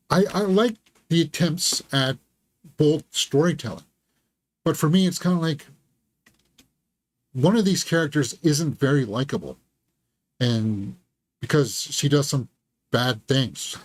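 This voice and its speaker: A man's voice: a little high, dry recording. A man hosting a live film review, thinking aloud and giving candid, critical verdicts. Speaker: movie reviewer and channel host. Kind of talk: live movie review commentary.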